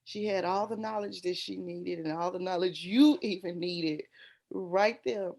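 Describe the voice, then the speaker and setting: Animated storytelling woman. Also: fairly low pitch, a little slow. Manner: animated, acts out quoted voices. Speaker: teacher. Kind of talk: casual chat, storytelling.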